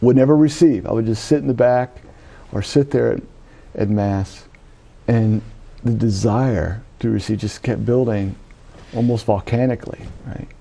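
A middle-aged man from Louisiana, a Catholic priest, giving an animated personal testimony and acting out the voices he quotes. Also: medium pitch, moderate pace, gravelly. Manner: animated storytelling, acts out quoted voices, frequent "right?". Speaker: Catholic priest telling his vocation story.

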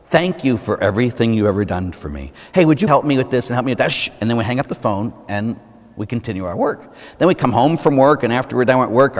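Priest in the pulpit, middle-aged man, animated delivery, rhetorical questions, voice rings in a long church reverb. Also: medium pitch. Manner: conversational preaching with rhetorical questions and acted-out examples. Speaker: Catholic priest. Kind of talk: sermon.

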